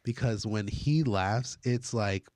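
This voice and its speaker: A man's voice: on the low side, slow pace, a little mellow, dry recording, studio quality. Man hosting, rambling storyteller. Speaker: podcast host. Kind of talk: casual chat.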